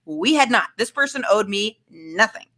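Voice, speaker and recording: A woman's voice: medium pitch, animated, normal speed, pushed and bright. A woman guest telling a candid, self-mocking dating story in a rambling way, full of filler words. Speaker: guest comedian.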